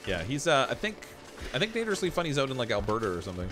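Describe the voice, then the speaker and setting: A man's voice: medium pitch, wildly swooping pitch, rapid-fire, music in the background. A man from Southern Ontario with a light Canadian accent, chatting casually with his live chat as he plays. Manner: chatty, laughs often, jokes with chat. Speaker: gaming streamer.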